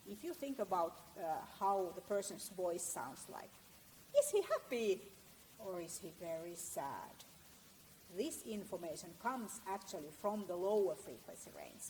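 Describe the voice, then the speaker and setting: A middle-aged woman lectures in a measured, steady way, often pausing on fillers and restarting her sentences. Her voice sits at an ordinary pitch, and faint noise runs underneath it. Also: rough recording. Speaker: guest lecturer. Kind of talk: university lecture. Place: lecture room.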